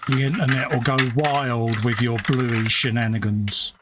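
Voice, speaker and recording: A man's voice: medium pitch, steady tone, unhurried. Man teasing his co-host with dry banter. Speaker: co-host of a live modelling stream. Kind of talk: casual chat, reading out viewer comments. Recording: loud background noise with typing.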